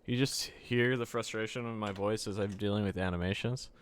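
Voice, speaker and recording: A man's voice: fairly low pitch, fairly even intonation, brisk. A man live-streaming a coding session, thinking aloud, muttering to himself with fillers while he types. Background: keyboard typing and clicks.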